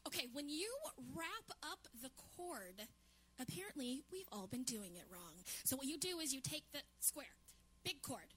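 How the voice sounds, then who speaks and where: A woman co-hosting a live podcast on a theatre stage, bantering with quick, dry jokes. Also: sits high, very animated, fairly bright tone. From New York City. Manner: quick, dry, joking delivery. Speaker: podcast co-host.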